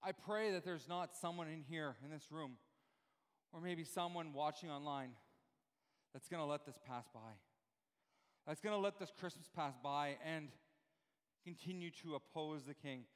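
A pastor delivering a sermon, preaching fervently and asking the congregation rhetorical questions. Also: male voice, a little high, moderate pace, long pauses, clear, resonant tone, long reverb tail. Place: church room with live audience, also streamed.

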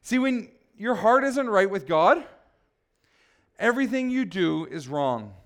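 A man's voice: high-pitched, big pitch swings, a little slow, fairly bright tone. A man preaching a sermon as pastor, speaking emphatically and asking the congregation questions.

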